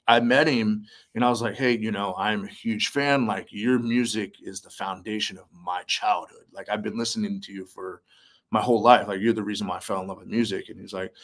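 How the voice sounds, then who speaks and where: Speaking in a lowish voice, a young musician and army veteran appears as a guest in a casual interview. He's an animated storyteller who performs the quotes and leans on plenty of filler words.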